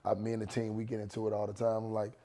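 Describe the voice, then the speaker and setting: A man with a raspy voice, a worship leader and pastor, talking in a casual podcast chat with emphatic, slangy asides. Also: fairly low pitch, completely flat delivery, racing, mellow.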